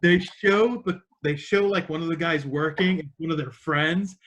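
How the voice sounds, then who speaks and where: Bright-voiced excitable podcast host, a man. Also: a little high, unhurried, dull audio. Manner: excitable storyteller, swearing freely. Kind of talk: casual podcast banter.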